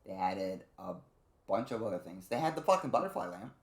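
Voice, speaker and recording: A man's voice: deep voice, lively intonation, brisk, reverberant. A man giving a casual, rambling game review, swearing freely and acting out character lines. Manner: rambling, profane, acts out character lines in quotes.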